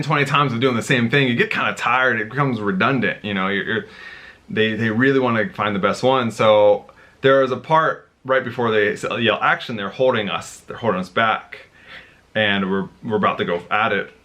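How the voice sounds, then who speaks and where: Male vlogger, casual storyteller, bright and punchy, slightly low. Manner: rambling, animated, many restarts and fillers.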